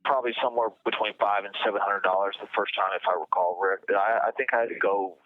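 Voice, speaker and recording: A man interviewed as a guest over a phone line, talking in a halting way and often repeating words. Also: fairly low pitch, steady tone, no echo.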